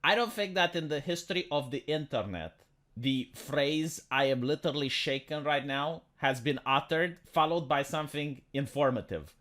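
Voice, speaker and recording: A woman's voice: sits low, normal speed. A woman from Romania giving dry, mocking reaction commentary on a viral video. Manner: dry, mocking, deadpan asides. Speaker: commentary YouTuber.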